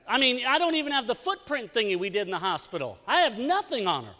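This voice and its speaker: A middle-aged man, a youth pastor, telling an animated story in a sermon with lots of restarts, on a pulpit mic in a church sanctuary. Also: extremely high pitch, fast. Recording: long church hall reverb.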